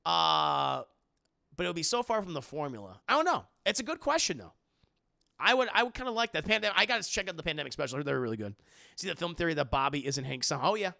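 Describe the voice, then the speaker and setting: A man's voice: fairly high pitch, sing-song, quick pace, creaky, sharp tone, no echo, studio quality. A young man streaming and chatting casually with his viewers, rambling, laughing often and swearing. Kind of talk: casual chat with live chat.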